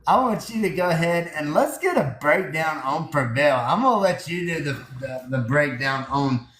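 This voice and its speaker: A man's voice: a little high, lively intonation, moderate pace, a bit bright, slight background noise. Earnest Southern man in an echoey room. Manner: earnest, rambling, many fillers and restarts. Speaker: host of a crypto project live audio space. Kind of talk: casual live-stream talk. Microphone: phone in a holder.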